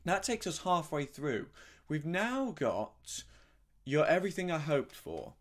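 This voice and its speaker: A middle-aged man teaching a harmonica lesson in a relaxed, gentle, explanatory way, sometimes humming syllables to show a sound. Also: on the high side, unhurried, a little hiss or hum. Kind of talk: relaxed spoken music lesson.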